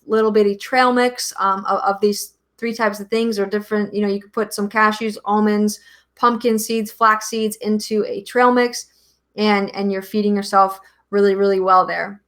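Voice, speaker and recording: A woman's voice: medium pitch, a bit bright. A woman doctor giving health advice in a casual, conversational way, with frequent ums and restarts. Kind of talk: casual explanatory talk.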